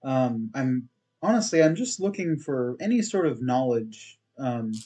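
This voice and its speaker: A man's voice: mid-range voice, very animated, measured pace, mellow. Stammering, polite man at a game table. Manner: stammering, hesitant, overly polite. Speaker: player. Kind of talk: in-character tabletop role-play.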